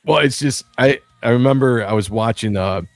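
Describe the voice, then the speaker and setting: A man's voice: medium pitch, moderate pace, no room sound. A man hosting a livestream, chatting in a rambling, jokey way and laughing often. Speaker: livestream host. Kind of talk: casual livestream chat.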